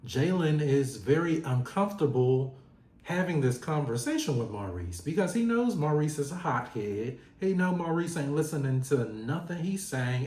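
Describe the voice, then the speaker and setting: A man's voice: medium pitch, a little mellow. Chatty man recapping a reality show, roomy sound. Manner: chatty, talks straight to the show's cast. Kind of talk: casual recap commentary. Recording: roomy echo.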